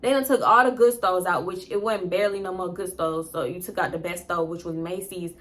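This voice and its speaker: Young woman telling a story, bright voice, swears a lot, laughs. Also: on the low side, fairly quick. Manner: animated, profane, laughing asides. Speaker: storytime vlogger. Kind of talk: casual storytelling.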